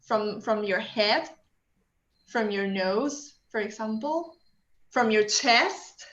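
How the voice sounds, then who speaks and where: A woman's voice: a little high, expressive, slow pace, fairly bright tone. Woman teaching in an echoey room. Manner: chatty, explanatory, frequent fillers. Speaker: workshop instructor. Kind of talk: online workshop teaching. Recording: echoey, dull lo-fi sound.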